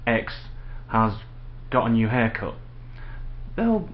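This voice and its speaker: A man grumbles and rants with dry sarcasm in an unhurried drawl, talking straight to camera in a casual vlog. His voice sits at an ordinary middle pitch. The home recording is dull and lo-fi, with a faint hiss underneath. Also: very animated. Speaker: vlogger.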